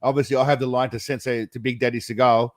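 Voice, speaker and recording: A man's voice: mid-range voice, level tone, fast, no room sound. A man hosting a casual livestream chat, rambling with lots of laughter and calling viewers mate and brother. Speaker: livestream host.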